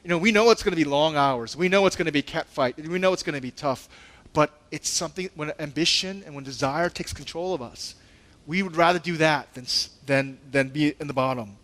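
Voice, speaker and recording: A man's voice: fairly high pitch, brisk. A male pastor preaching a sermon in a conversational way, laughing and joking, and acting out the disciples' indignant lines in a raised voice. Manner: conversational and animated, with laughs and asides.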